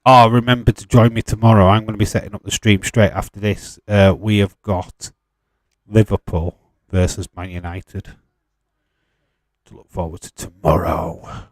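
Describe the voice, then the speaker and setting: A man's voice: on the low side, steady tone, moderate pace, dry recording. A man hosting a live watch-along stream, chatting casually, answering viewer questions with frequent laughs and the odd swear.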